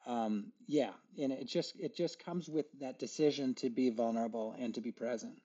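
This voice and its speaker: In casual conversation as a podcast guest, a man reflects aloud, stammers, and voices his inner dialogue. He has a warm, medium-pitched voice at a moderate pace, recorded with a dull, muffled quality.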